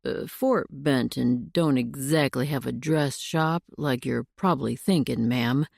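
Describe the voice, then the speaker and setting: A woman's voice: a bass voice, unhurried, vocal fry, a little mellow, no room sound, clean studio sound, voice pushed down, exaggerated voice. A woman voicing a plain-spoken male frontier sheriff in an audiobook, with a folksy way of talking. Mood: polite. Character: gruff small-town male frontier sheriff.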